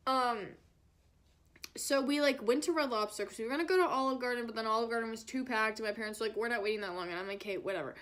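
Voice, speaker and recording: A young woman vlogger recounts her story in a chatty, dramatic style, peppering it with fillers. Her voice sits a little high, and she often drops into a lower, heavier tone for effect. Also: fast, a bit bright. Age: young adult. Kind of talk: storytime vlog.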